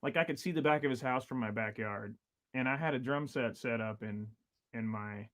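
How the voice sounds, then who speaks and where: Rambling storyteller man, relaxed chat. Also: mid-range voice, normal speed. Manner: rambling, filler-heavy, laughing storyteller. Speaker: podcast guest, drummer.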